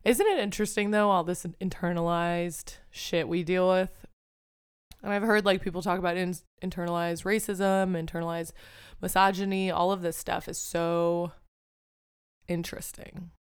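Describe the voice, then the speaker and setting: A young woman talks through a casual solo podcast in a lowish, smooth voice. She rambles candidly, pokes fun at herself and swears freely. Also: fairly even intonation, normal speed. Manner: candid, rambling and self-deprecating, with frequent swearing. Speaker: podcast host.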